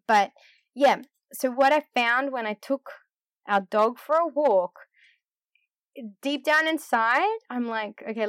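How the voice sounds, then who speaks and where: A woman's voice: medium pitch, a bit bright, no echo, clean studio sound. A middle-aged woman who leads in church, talking candidly and a little self-deprecatingly, rambling with fillers as she reflects. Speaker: church leader. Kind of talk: casual reflective talk.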